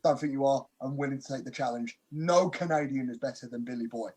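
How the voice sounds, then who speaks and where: A man's voice: mid-range voice, fast, a little mellow. A man answering interview questions casually, cocky and joking, with slangy talk. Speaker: wrestler, interview guest. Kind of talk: casual press call answers.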